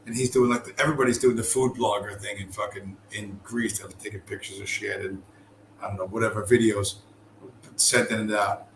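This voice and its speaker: Speaking fairly quickly in a lowish, steady voice with vocal fry, a middle-aged American man hosts a podcast and spins a long, profane, rambling tale in casual talk. Fillers and restarts fill his speech, and the room sounds open with faint noise behind him.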